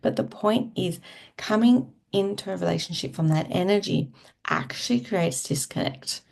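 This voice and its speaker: Speaking to camera, a woman relationship coach gives casual, candid advice, occasionally swearing, often checking in with "okay?" and restarting words as she goes. Her voice is medium-pitched and a little mellow, with vocal fry, at a moderate pace.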